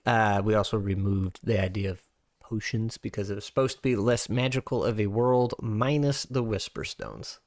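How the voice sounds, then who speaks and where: A man's voice: fairly low pitch, moderate pace, no echo, clean studio sound. A man streaming as host, thinking aloud in a loose, rambling way while working through tabletop game rules. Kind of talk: casual livestream chat.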